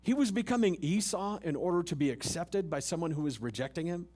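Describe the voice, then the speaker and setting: A man preaching in a slightly high voice, swinging from punchy questions to dry asides. He talks like he is chatting with friends, tossing in jokes and everyday slang. He is delivering a church sermon to a live congregation. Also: expressive, fairly quick, darkish tone. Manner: conversational, humorous preaching with rhetorical questions. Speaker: pastor. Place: church service.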